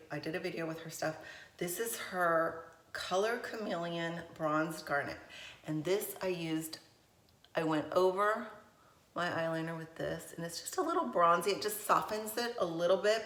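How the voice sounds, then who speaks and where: A woman's voice: on the low side, fairly bright tone, slight background noise. Gushing chatty woman in an echoey room. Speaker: beauty vlogger. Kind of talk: casual makeup tutorial chat.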